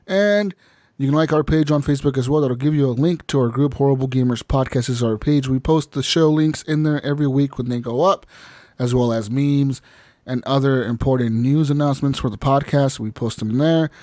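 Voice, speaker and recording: A man's voice: medium pitch, brisk, warm tone, no room sound, clean studio sound. A man hosting a casual gaming podcast, loose and laughing, swearing now and then. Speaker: podcast host.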